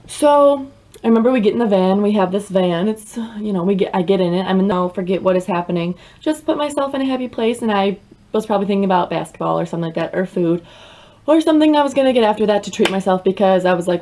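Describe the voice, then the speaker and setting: A woman's voice: mid-range voice, fast talker. Dramatic young woman telling a story. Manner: dramatic, animated storytelling with many fillers. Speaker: vlogger. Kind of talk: storytime vlog.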